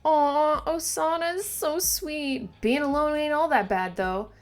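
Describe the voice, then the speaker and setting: A woman reading aloud the lines of a gruff but kindly old man who lives alone, in a folksy drawl close to her own voice. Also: high-pitched, a little slow, soft background music, voice pushed up. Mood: tender.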